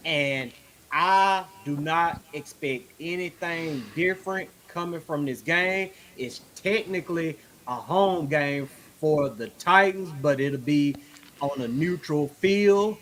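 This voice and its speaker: High bright laid-back man. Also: lively intonation, slow pace. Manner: laid-back, profane, says "man" constantly. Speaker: podcast co-host. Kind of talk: casual sports podcast chat.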